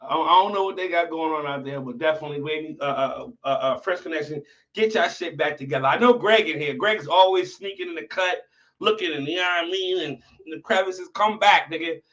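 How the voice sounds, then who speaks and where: A man hosting a casual livestream chat, slangy and profane, swinging from mumbles to shouts. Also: fairly high pitch, brisk, distant mic, lo-fi sound. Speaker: livestream host.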